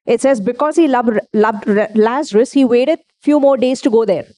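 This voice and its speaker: A woman's voice: on the high side, moderate pace, dark tone. A woman preaching a sermon, emphatic, asking her listeners questions and answering them herself.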